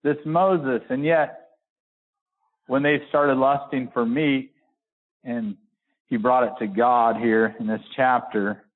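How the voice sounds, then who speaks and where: This is a man's sermon, including scripture reading, told in a folksy manner with many restarts; he swells to high emphatic peaks and slows hard on important words. The tone is steady and the recording sounds narrow and phone-like.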